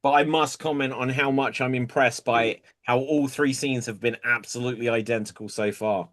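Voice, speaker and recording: A man's voice: mid-range voice, fairly even intonation, normal speed, a bit bright. A man hosting an online improv comedy show over a video call, announcing the games with an upbeat manner. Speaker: host.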